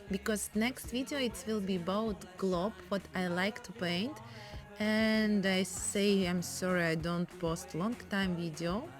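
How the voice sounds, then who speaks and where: Russian-accented woman explaining a painting step by step, slow and chatty, broken english. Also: mid-range voice. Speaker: painting teacher. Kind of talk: casual painting tutorial.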